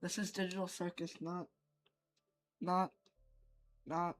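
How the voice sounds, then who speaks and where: A woman's voice: on the low side, level tone, slow pace, faint music behind. A woman giving goofy, rambling commentary while building in a block game, joking to herself. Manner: rambling, goofy, jokes to self. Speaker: Minecraft builder. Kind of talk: casual gameplay commentary.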